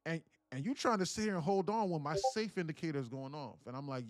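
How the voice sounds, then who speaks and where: A man live-streaming his day trading, telling a story in an animated, profane, rambling way with frequent restarts. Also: on the high side, fast, no echo.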